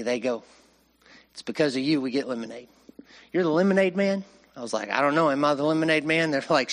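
A man's voice: medium pitch, fairly bright tone. A man preaching a sermon, telling stories in a folksy way, often repeating himself and chuckling. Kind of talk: sermon with storytelling.

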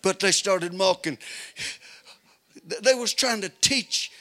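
An older man preaching a fiery revival sermon, moving from folksy storytelling to shouted exhortation. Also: high-pitched, slow.

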